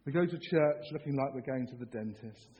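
A middle-aged man preaching a sermon in a church, animated and jokey, acting out excited shouts. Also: medium pitch, a little fast, slight background noise. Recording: dull sound with long hall reverb.

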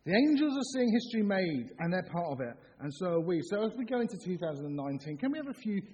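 A middle-aged man preaching a sermon in a church, animated and jokey, acting out excited shouts. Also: high voice, fast. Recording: dull sound with long hall reverb.

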